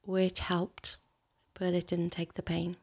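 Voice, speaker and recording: A woman speaking slowly in a low, level voice with a gravelly fry running through it. She talks hesitantly and softly, often dropping to a breathy near-whisper, in an intimate conversation. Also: completely flat delivery. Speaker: guest sharing a personal story.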